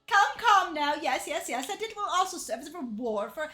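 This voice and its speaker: A woman voicing a pompous, theatrical rich man who gushes in drawn-out exclamations. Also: extremely high pitch, big pitch swings, pushed and bright, soft background music, voice pushed up, exaggerated voice. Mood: gushing.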